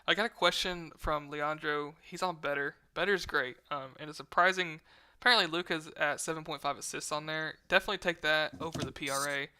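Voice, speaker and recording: A man's voice: on the high side, steady tone, brisk, pushed and bright, clean tone. A man co-hosting a casual sports betting stream, reading stats aloud and chatting with viewers. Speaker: sports betting show co-host.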